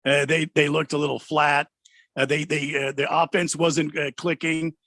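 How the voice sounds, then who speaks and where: A man co-hosting a sports radio show in casual talk, halting with many restarts. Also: fairly high pitch, little pitch movement, a bit bright, no echo, studio quality. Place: radio studio.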